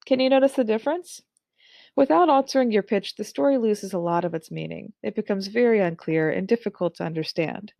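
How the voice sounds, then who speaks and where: A woman in her thirties instructs an online speaking course, delivering her lines clearly, expressively, and with careful articulation. Her mid-range voice moves briskly, and the recording is dry.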